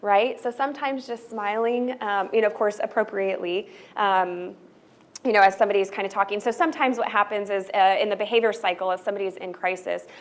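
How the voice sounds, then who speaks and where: A woman's voice: medium pitch, fairly even intonation, fairly quick. Chatty woman leading a training session. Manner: conversational, often checks in with "right?"; loose, filler-heavy delivery with restarts. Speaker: workshop presenter. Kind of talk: college staff training talk.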